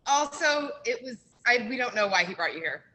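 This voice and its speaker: A woman on a radio show tells a story with a high voice that jumps up and down. She sounds bright and sharp. She fills her talk with "like" and acts out what people said. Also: a little fast, low-quality recording. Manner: lively storyteller, heavy use of "like". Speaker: brewery guest. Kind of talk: animated anecdote on radio. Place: radio studio.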